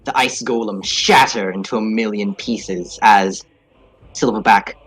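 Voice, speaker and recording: A man narrating as game master in a casual way, with fillers, drawn-out phrasing. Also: lowish voice, a bit bright, breathy edge, poor audio.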